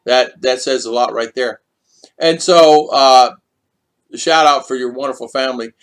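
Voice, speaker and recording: A man's voice: mid-range voice, a little slow. A middle-aged man hosting a casual livestream, reading out viewer comments and telling rambling stories, with a chatty manner and lots of restarts. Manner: rambling and repetitive, with many restarts; chatty, lively storyteller.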